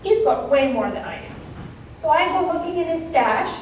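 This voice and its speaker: A woman from Kenya tells a personal story on a conference stage, acting out the dialogue with lively energy. Her voice sits high, and it reaches the mic from a distance. A big echoey hall rings around every word. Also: normal speed, noisy background. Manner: animated, acting out dialogue with laughs. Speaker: keynote speaker. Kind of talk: storytelling keynote talk.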